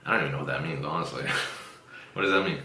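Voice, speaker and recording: A man's voice: a bass voice, fast, pushed and bright, slight background noise. A man hosting a casual podcast chat, swearing freely and laughing often as he tells stories. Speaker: podcast host. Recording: roomy echo.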